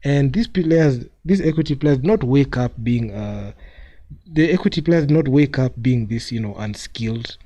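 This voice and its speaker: A man's voice: medium pitch, mellow. A man streaming live commentary on a basketball game, mocking the losing team, laughing often and repeating himself.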